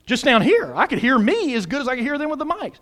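A man preaching a sermon as pastor of a church, loud and emphatic, using humor and questions to the congregation. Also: very animated, fast talker. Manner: loud, emphatic preaching with big pitch swings. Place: church sanctuary.

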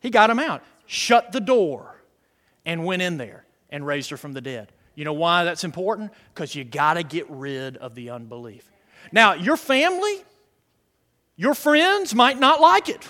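A man preaching a sermon, swinging between loud shouted lines and hushed quiet ones. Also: high-pitched, very animated, measured pace. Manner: dramatic swings from shouting to near-whisper. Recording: long reverb of a hall.

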